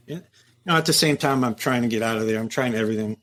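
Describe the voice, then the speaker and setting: A man's voice: mid-range voice, fast talker. A middle-aged man with an ordinary mid-range voice tells stories in a casual interview. He is blunt and swears freely. He acts out other people's lines as he goes. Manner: blunt, profane, lively storyteller who acts out quotes. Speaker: guest, former prison captain.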